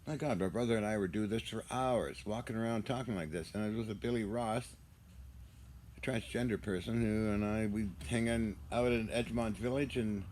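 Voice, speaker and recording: A man's voice: lowish voice, darkish tone, a little hiss or hum. Rambling, joking man vlogging. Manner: joking, rambling, often laughs. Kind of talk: casual rambling monologue.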